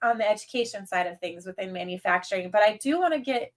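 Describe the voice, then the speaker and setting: A woman's voice: mid-range voice, quick pace. A woman with a Midwestern accent hosting a podcast, nasal from a cold, upbeat and chatty. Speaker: podcast host. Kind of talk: casual interview chat.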